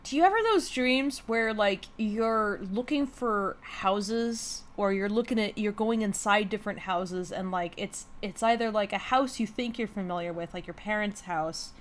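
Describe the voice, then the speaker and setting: A woman's voice: medium pitch, normal speed, few pauses, a little hiss or hum. A woman on a livestream chatting casually, laughing often and chiming in with reactions. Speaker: livestream co-host. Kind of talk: casual chat.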